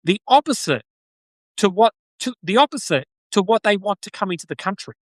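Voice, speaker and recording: A man's voice: high voice, lively intonation, a little fast, no room sound. A man with an Australian accent, hosting a live-stream podcast with political commentary. He talks off the cuff, restarts and repeats phrases, and thanks viewers by name. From Brisbane, Australia. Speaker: podcast host.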